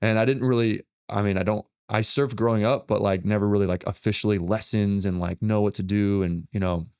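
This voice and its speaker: Rambling, excitable low-voiced man. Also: brisk, clean tone, no echo, studio quality. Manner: rambling, filler-heavy, excitable retelling. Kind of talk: casual storytelling in conversation.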